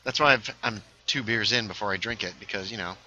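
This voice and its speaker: A man's voice: fairly low pitch, quick pace, bright, forceful tone, highs cut off. A young man casually chatting while streaming a game, a little tipsy, rambling with lots of fillers. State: slightly tipsy. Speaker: livestreamer. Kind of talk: casual gaming stream chat.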